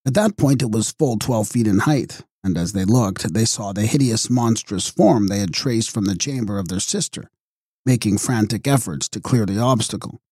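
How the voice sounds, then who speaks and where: A man narrating a gothic novel in a measured, dramatic reading. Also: fairly low pitch, warm tone, husky, dry recording, studio quality. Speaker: audiobook narrator.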